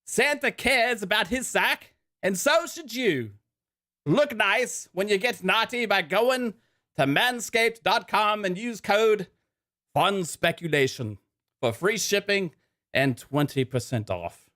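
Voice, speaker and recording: A man's voice: high voice, expressive, takes it slowly, sharp tone, pitched above the performer's own voice, heavily acted. A man voicing a cheerful mock-British ad announcer, his put-on accent slipping into Australian. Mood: jolly salesy. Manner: overly cheerful ad read, breaks into laughter. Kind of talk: comic sponsor read.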